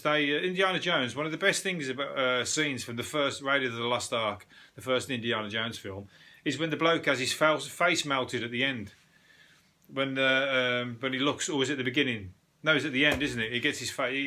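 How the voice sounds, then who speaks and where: Bright-voiced English man ranting deadpan. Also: medium pitch. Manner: deadpan, swearing, rambling with restarts. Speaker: comedy podcast host. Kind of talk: solo topical comedy rant.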